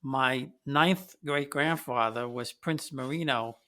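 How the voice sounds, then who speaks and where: Bright-voiced male podcast host. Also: mid-range voice, takes it slowly. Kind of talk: conversational interview.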